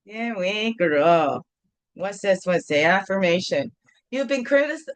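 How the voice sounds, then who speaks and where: A woman's voice: medium pitch, expressive, takes it slowly, dry recording. A middle-aged woman hosting a casual morning video chat from home, playful and rambling, with sing-song bits. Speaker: host.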